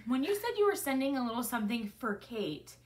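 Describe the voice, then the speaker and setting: A woman's voice: fairly high pitch, big pitch swings, a little fast, heavy background noise. A woman in her thirties, a mother hosting a casual unboxing with her kids, gushing and easily moved. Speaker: mother and channel host.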